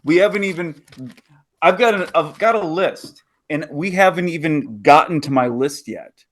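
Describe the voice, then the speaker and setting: A man's voice: fairly high pitch, moderate pace. A man co-hosting a podcast in casual chat, playful and teasing. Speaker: podcast co-host.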